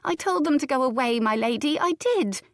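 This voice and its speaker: A woman's voice: high-pitched, animated, normal speed, no echo, clean studio sound, pitched above the performer's own voice. A woman reading an audiobook voices a flustered, rustic young nursemaid who pleads and defends herself anxiously. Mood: pleading. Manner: pleading, defensive, broad country speech.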